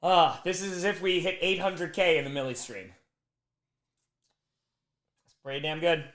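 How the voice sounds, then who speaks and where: A man hosts a charity livestream, his voice bright and sitting a little high. He chats loosely, fondly scolding his dog between thank-yous to donors. The sound carries a roomy echo. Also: steady tone, moderate pace. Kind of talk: casual livestream chat.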